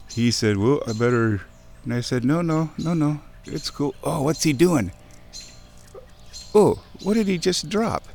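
Man, slow-paced, chatty, wooded creek, faint birds behind. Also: medium pitch, slight background noise. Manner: excited, chatty, self-talking. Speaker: nature vlogger. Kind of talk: casual outdoor narration.

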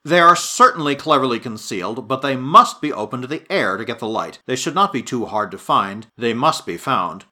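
Guy reading the part of a worried scientist guy, earnest, thinking out loud, bright voice. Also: mid-range voice, animated, moderate pace, few pauses. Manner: earnest, deliberating, at times drowsy. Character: earnest, troubled male scientist, resolute yet haunted.

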